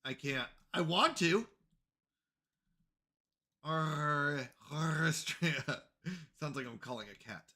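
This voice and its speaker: A man talks to his live chat while he plays a game. His voice sits a little high and sounds very bright and forward. He comes across as flustered and apologetic and repeats short phrases while he fixes things. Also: expressive, drawn-out words, long pauses. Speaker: livestreamer. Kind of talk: casual live gaming stream chat.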